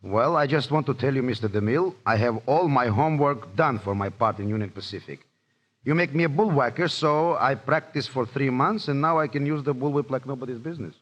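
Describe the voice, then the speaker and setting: A man's voice: mid-range voice, a little fast, a bit bright, highs cut off. A man bantering playfully and boastfully on a 1930s radio broadcast. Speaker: actor joking with the host. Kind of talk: scripted comic radio banter.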